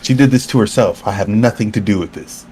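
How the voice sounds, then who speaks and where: A man's voice: fast, a little hiss or hum. A man as a guest on a stream, chatting casually and expressively, acting out lines as he talks. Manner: expressive, swings pitch widely when quoting. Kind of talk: casual chat.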